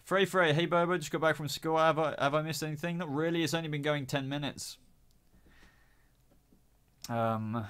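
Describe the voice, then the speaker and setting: A man's voice: fairly high pitch, moderate pace, long pauses, fairly bright tone, clear, resonant tone. A young man with a cold, hosting a live stream and chatting casually as he reads out viewer comments, rambling with many fillers. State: has a cold.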